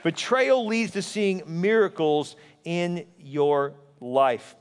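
A man preaching with a high, bright voice that rings through a large hall with long reverb. He tells his story animatedly and puts on voices for the people in it. His sermon moves between plain teaching and lively storytelling. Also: takes it slowly, clean tone. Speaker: pastor.

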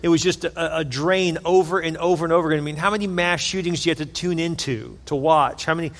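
Guy preaching a sermon, earnest and chatty, kinda high voice, long echo around him. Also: fast. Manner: earnest, conversational preaching with repeated phrases. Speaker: pastor.

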